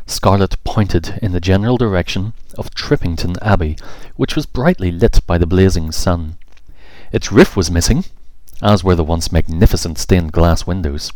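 Deep-voiced man narrating a storybook. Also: normal speed, darkish tone, no echo.

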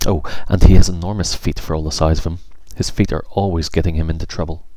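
A man's voice: low voice, steady tone, fast talker, warm tone, no echo. A man doing a prim, bossy fairy. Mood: explaining. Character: bossy female garden fairy.

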